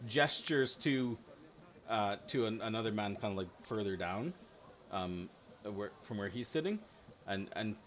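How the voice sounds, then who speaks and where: A man's voice: lowish voice, fairly bright tone, a little hiss or hum. A man narrating a tabletop game as game master, rambling with lots of ums and likes.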